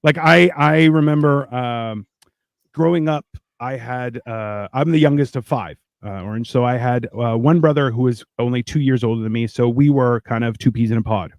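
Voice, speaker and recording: A man's voice: medium pitch, moderate pace, no echo. A man on a casual podcast chat, blunt and crude, telling jokey stories. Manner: jokey, storytelling. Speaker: podcast co-host.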